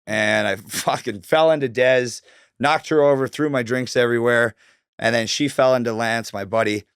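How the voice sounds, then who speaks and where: A man's voice: mid-range voice, steady tone, normal speed, a bit bright, clear, resonant tone, dry recording, studio quality. A man from Canada in his thirties, talking casually as a guest, swearing often and filling his speech with likes and ums. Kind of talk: casual storytelling interview.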